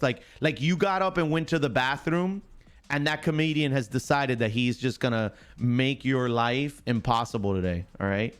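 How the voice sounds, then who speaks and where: With a slightly high, clear and resonant voice, an American man hosts a live stream, chatting casually while he explains a picks game. He jokes around, greets viewers by name and teases the people in chat.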